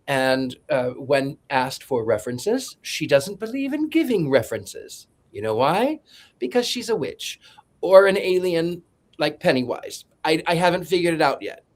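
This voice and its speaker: A man's voice: a little high, big pitch swings, measured pace. A man on a podcast panel giving a joking, rambling film synopsis in a sarcastic, playful way. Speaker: podcast co-host.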